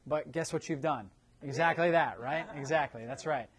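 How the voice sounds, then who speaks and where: A man's voice: on the high side, moderate pace, a bit bright. A man presenting a nutrition seminar to a live audience, quizzing the room and tagging his points with "right?". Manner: keeps checking in with a tag "right?".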